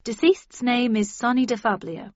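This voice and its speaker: A woman's voice: fairly high pitch, moderate pace, darkish tone, dry recording, highs cut off, lightly acted. A woman reading a dutiful young sergeant. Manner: crisp and dutiful.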